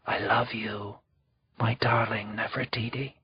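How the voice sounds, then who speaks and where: A man voicing a soft-spoken young queen with a quiet, near-whispered manner, read in an audiobook. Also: lowish voice, lively intonation, normal speed, slight background noise. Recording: slightly dull lo-fi recording.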